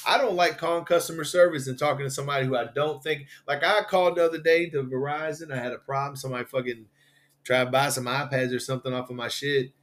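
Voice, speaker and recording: A man's voice: mid-range voice, steady tone, fast, fairly bright tone. A man hosting a podcast, telling rambling, profane stories in casual chat. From Louisville, Kentucky. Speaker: podcast host.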